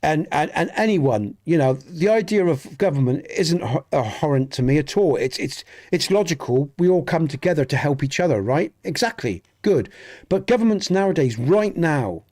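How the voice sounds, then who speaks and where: A man's voice: a little high, animated, moderate pace, a little mellow. A man with a Dorset accent from southwest England, chatting with live viewers during a game stream in a rambling, earnest way that often repeats and restarts words. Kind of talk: casual chat with live viewers.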